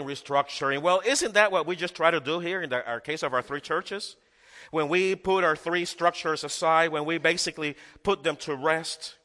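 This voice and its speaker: A man's voice: a little high, bright, forceful tone, in a large hall. A male pastor preaching a sermon, emphatic and repeating key phrases for effect.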